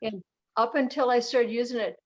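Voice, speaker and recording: A woman's voice: fairly high pitch, steady tone, a little fast, low-quality recording. An older woman on a video call in a support group, chatting in a plain, homely way. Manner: plain-spoken, chatty storytelling.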